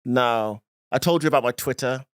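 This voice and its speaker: A man's voice: mid-range voice, normal speed, smooth, dry recording, clean studio sound. A man co-hosting a comedy podcast, chatting casually and teasing his co-host. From England. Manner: jokey, teasing, plays with silly voices.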